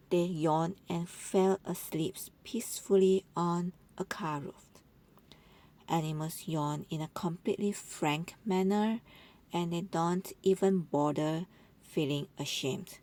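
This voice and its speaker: A woman speaking in a slow, unhurried voice-over, cooing over cute animals. Her voice sits a little low, and she lingers on each word as she gushes over every clip. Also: dark tone. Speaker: channel narrator.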